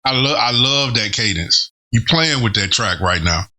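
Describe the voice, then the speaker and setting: A man hosting a casual album reaction, talking excitedly in loose slang and breaking down the lyrics as he listens. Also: medium pitch, moderate pace, over music. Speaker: host reviewing an album.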